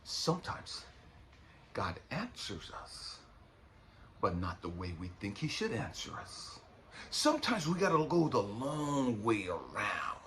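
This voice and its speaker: Man speaker, emotional monologue, bright tense tone, hushed to shouting, faint background hiss. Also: big pitch swings, slow. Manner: swings from low hushed talk to raw shouting; emotional, swearing, pleading. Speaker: inspirational speaker. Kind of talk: impassioned motivational monologue.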